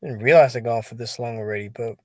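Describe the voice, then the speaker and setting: A man talking alone to his viewers about fights, exasperated and dismissive, with "dude" and "man" tacked onto his lines. His voice sits at an ordinary pitch and sounds close and dry, with no room around it. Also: fast, a little mellow, no room sound. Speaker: boxing commentary channel host. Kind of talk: casual solo boxing and MMA commentary.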